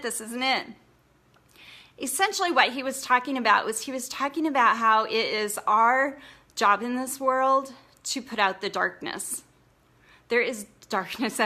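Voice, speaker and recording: A woman's voice: on the high side, bright, forceful tone. A woman blogging coach giving a casual, encouraging live training, chatty and full of fillers.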